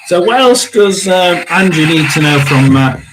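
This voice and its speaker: A man hosting a live tarot and spirit box session, talking haltingly, repeating words and often clearing his throat. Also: high voice, expressive, background noise.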